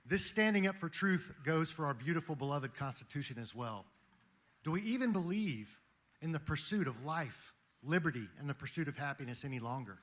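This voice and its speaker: A man's voice: fairly high pitch, animated, a little fast, a bit bright. A man giving an impassioned Christian motivational speech to a room of men, rousing and quoting famous speeches. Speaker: speaker at a men's gathering. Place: meeting room with an audience.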